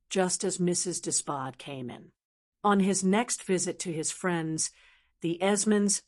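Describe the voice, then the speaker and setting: A text-to-speech woman's voice narrating a classic novel as an audiobook, in an even, measured way. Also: lowish voice. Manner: even, measured synthetic delivery. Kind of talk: scripted narration.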